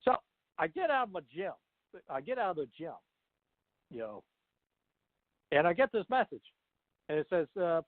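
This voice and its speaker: A man co-hosting a political talk radio show, telling stories in a chatty, animated way. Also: sits high, moderate pace, pauses often, no echo. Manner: chatty storyteller, animated retellings. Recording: dry tinny phone line.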